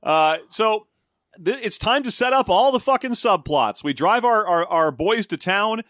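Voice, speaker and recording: A man's voice: high-pitched, animated, measured pace, a bit bright, no echo, clean studio sound. A man co-hosting a comedy podcast, retelling a movie plot with wry asides and playful storytelling. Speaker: podcast co-host. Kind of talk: casual comedic movie recap.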